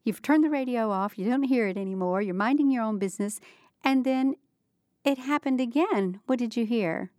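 A woman's voice: on the high side, moderate pace, darkish tone, no room sound, clean studio sound. A woman interviewing a guest, prompting her story with encouraging recap questions. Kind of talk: conversational interview.

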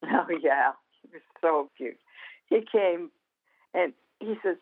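A woman, a guest author and minister, telling stories in a folksy, animated way during a Christian interview. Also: lowish voice, unhurried. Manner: animated storyteller, folksy, laughs easily. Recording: tinny phone-like sound.

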